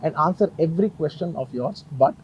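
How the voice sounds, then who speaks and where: A man's voice: fairly high pitch, lively intonation, a little fast, muffled recording, a little hiss or hum. A man making an earnest, emotional statement at a press conference, repeating himself often. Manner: earnest, emotional, insistent with many repetitions. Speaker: film actor at a press conference.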